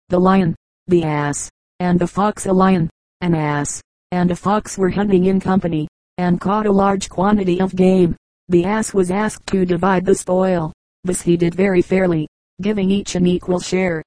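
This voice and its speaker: Female audiobook narrator, measured, mellow and dry. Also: fairly low pitch, no room sound, low-quality recording. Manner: measured, steady reading. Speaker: audiobook reader. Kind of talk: scripted storybook narration.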